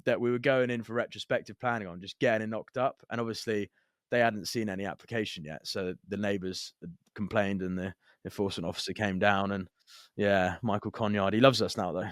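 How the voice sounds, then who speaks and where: A man's voice: lowish voice, no room sound, clean studio sound. A man co-hosting a property podcast from England, telling site stories in casual chat and laughing often. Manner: laughing storyteller, acts out quotes loudly. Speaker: podcast co-host.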